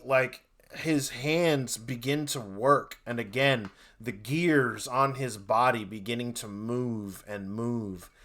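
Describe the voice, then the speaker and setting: A man's voice: medium pitch, fairly bright tone. A man narrating a tabletop game as game master, rambling with many fillers.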